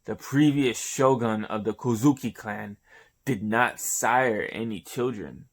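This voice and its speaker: A man's voice: on the low side, takes it slowly. A man hosting a casual comic chapter review, rambling through the panels with profanity and loose play-by-play. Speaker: host of a manga review show.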